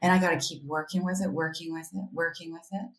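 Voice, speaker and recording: A woman's voice: low-pitched, quick pace. A woman talking as a podcast guest, candid and reflective, often quoting her own inner voice. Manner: candid, reflective, animated, with quoted self-talk. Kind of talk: casual interview conversation. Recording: roomy echo.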